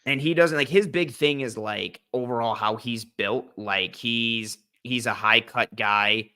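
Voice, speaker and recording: In an unhurried, smooth, medium-pitched voice with a bright and forceful edge, a young man hosts a casual draft-analysis podcast about football. His talk wanders, full of fillers and restarts, with humming as he works out his thoughts.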